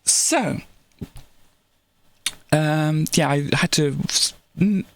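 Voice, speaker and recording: A woman with a deep voice speaks extremely slowly in a casual livestream chat. Her talk rambles, with frequent restarts, laughs, and the occasional playful put-on voice.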